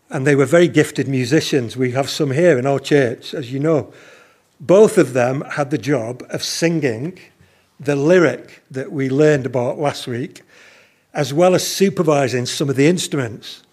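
A man preaching a sermon at a slow, measured pace, stressing his key questions. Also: medium pitch, a little mellow, slightly rough.

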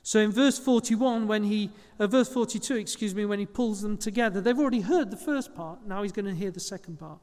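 A pastor preaches in a loose, chatty style, briskly and with few pauses, correcting his own small slips as he goes. His voice is high for a man, and a church hall's long reverb lingers after each phrase.

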